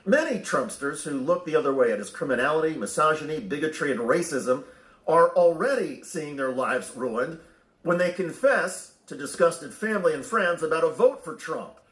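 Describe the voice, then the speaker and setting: A man's voice: on the high side, lively intonation, normal speed, fairly bright tone, echoey room. A man reading scripted news narration in a pointed, editorializing way.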